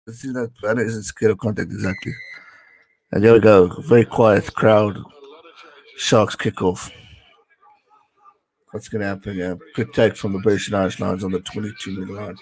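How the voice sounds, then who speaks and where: A man's voice: on the low side, husky, poor audio. Chatty man streaming rugby commentary. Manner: chatty, reads out viewer messages. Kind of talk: casual live watch-along commentary.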